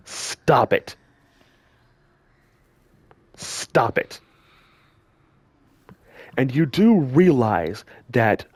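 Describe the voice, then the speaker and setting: Male commentator, furious scolding rant, unhurried delivery, mid-pitched voice. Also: a little mellow, no echo. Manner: scolding, heated, repeats himself for emphasis. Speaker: gaming channel commentator. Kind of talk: angry direct-to-camera rant.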